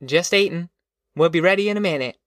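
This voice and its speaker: A man's voice: high-pitched, brisk, fairly bright tone, no echo, studio quality, voice pushed up. A man voicing an eager, obliging neighbor farm woman.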